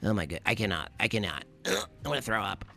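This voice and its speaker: Man impersonating a preachy pundit, pompous, scolding, sharp bright tone, gravelly. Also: on the low side, expressive, quick pace, faint music behind, full character voice. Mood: whiny. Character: smug, preachy male conservative pundit, middle-aged. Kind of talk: comedic impression.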